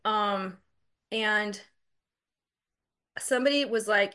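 A woman's voice: medium pitch, fairly even intonation, slow pace, pauses often, pushed and bright. A woman casually telling a personal story, candid, profane and self-mocking, chatty with lots of fillers.

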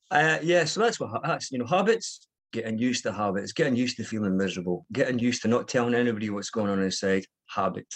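Husky man sharing his story. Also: medium pitch, fairly quick. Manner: candid, rambling, with frequent fillers and restarts. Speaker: recovery meeting speaker. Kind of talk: personal recovery share.

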